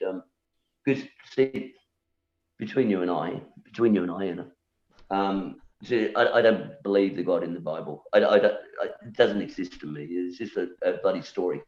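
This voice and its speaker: A man's voice: low-pitched, a little mellow. A male musician guest in casual conversation who repeats words and keeps asking "you know?" as he argues his point and challenges beliefs. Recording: echoey room, dull lo-fi sound.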